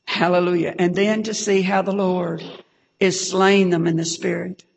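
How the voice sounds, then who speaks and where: A woman preaches a fervent, emotional testimony, often breaking into hallelujah and sinking to a hush for the saddest parts. Her voice has a gravelly, creaky edge. It rings out with a long reverb through a church hall. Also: lowish voice, flat delivery, normal speed. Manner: fervent, repeats hallelujah, drops to a hush at times.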